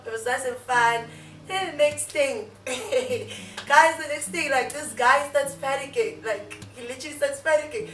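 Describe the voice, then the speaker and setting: A young woman with a South African accent chats through a story, peppering it with fillers and little laughs. Her voice sits a bit high and sounds bright and forceful. She is off the mic in an echoey room with faint music behind her. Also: recorded from a distance. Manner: chatty, frequent fillers and laughs. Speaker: YouTuber. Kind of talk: casual storytime chat.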